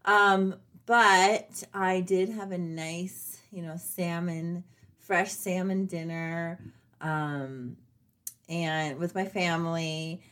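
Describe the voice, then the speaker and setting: A woman's voice: lowish voice, steady tone, extremely slow, a bit bright. A woman in her forties chatting casually to her viewers in a personal update, with lots of fillers and small laughs. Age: 40s. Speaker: vlogger.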